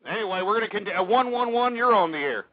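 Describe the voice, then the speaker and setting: A high-pitched man hosts a call-in radio show in an abrasive, insulting, swearing rant. The sound is dry and close with no room around it. The audio is dull and lo-fi, like an old internet radio stream. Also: animated, fairly quick, dry recording. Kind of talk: ranting talk radio.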